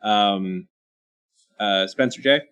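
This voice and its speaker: A man from Kentucky hosting a casual panel chat, talking in quick asides full of ums and restarts. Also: on the low side, a bit bright, smooth. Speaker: show host.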